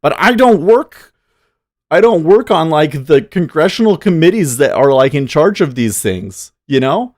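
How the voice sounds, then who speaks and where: A male day-trading livestreamer with a slightly high, sing-song, somewhat mellow voice talks at a measured pace. He gives casual, opinionated, rambling commentary and talks back to his chat, recorded dry.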